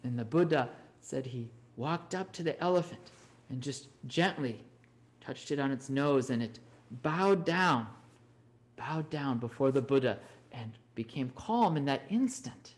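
A man giving an animated storytelling Dharma talk, often checking in with "right?". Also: mid-range voice, a little slow. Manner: animated, frequent "right?" tag questions. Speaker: Dharma teacher.

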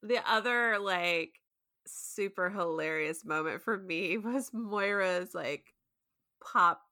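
A woman's voice: fairly low pitch, slow pace, pushed and bright, no echo, clean studio sound. A woman co-hosting a casual chat, giggly and exclaiming often. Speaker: podcast co-host.

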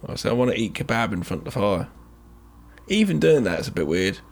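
A man's voice: on the low side, very animated, fast talker, vocal fry. A man from Britain co-hosting a podcast, bantering and swearing casually in comedic chat. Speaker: podcast co-host.

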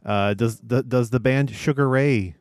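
A man's voice: mid-range voice, measured pace, darkish tone, no room sound, studio quality. A man hosting a casual podcast chat, quizzing his co-hosts and moving the game along. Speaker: podcast host running a guessing game.

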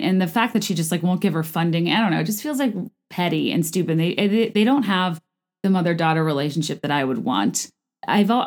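Woman podcast host, casual and rambling, lots of fillers, pitch leaps for emphasis. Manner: chatty, rambling, many fillers and restarts; lively jumps in pitch for emphasis. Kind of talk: casual chat about reality TV.

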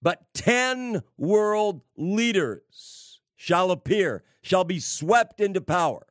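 A man preaching on prophecy, slow and emphatic, with sarcastic asides and wry laughs. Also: high-pitched, lively intonation, dry recording, clean studio sound. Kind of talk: prophecy sermon.

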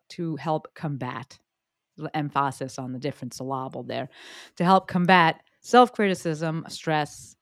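A woman hosting a podcast, bubbly and joking, with quick asides. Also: low voice, no echo, studio quality. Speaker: podcast host. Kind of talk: energetic podcast interview.

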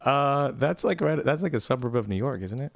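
Gravelly, lively podcast host. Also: male voice, mid-range voice, brisk, dry recording, clean studio sound. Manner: reads out headlines, hesitant fillers. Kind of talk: casual podcast chat.

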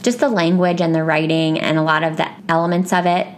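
A woman's voice: low voice, level tone, fairly quick, slight background noise. A woman hosting a book podcast, chatting with enthusiasm about books and reading. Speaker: podcast host. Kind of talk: casual book chat.

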